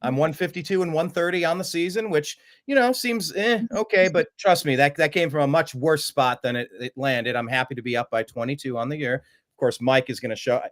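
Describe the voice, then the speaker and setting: A man hosting a casual sports chat, animated and quick to mimic other voices in his stories. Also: fairly high pitch. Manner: animated, jumps into mocking voices. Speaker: host.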